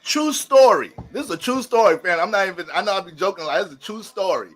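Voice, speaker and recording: Brief: man, fairly high voice, relaxed astrology host who swears freely and jokes between readings. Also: quick pace. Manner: loose, profane, joking, addresses viewers as family. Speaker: astrology reader. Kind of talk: casual astrology talk with storytelling.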